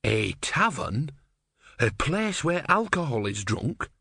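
A man's voice: mid-range voice, sing-song, slow pace, vocal fry, bright, forceful tone, husky, no room sound, studio quality, voice pushed up, full character voice. A man voicing a timid, earnest young novice monk in a storybook reading, with a nervous, hesitant manner.

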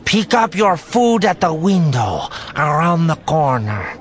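A man's voice: a little high, very animated, slow pace, slight background noise, pitched above the performer's own voice. A man doing a growling alien food vendor woman. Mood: gruff.

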